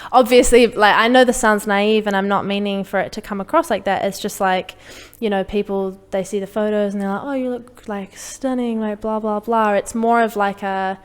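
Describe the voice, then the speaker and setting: A woman's voice: medium pitch, little pitch movement, brisk, few pauses, clean tone, long reverb tail. A young woman talking frankly as a podcast guest, chatty and full of fillers. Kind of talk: casual conversation.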